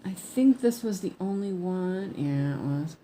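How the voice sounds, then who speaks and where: A woman's voice: fairly low pitch, expressive, a little slow, mellow, slight background noise. A woman chatting casually while she stitches, often mumbling to herself as she works and laughing at her own mistakes. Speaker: cross-stitch crafter. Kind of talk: casual stitch-along chat.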